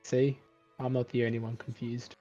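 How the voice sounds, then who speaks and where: A man co-commentating a speedrun race live, laid-back and quick with short reactions. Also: mid-range voice, flat delivery, mellow, dull audio, soft background music.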